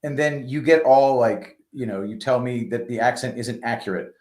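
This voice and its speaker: A man's voice: medium pitch, moderate pace, roomy sound. A man co-hosting a podcast, joking playfully and reading out listener messages. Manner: playful, lively banter. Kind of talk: casual chat.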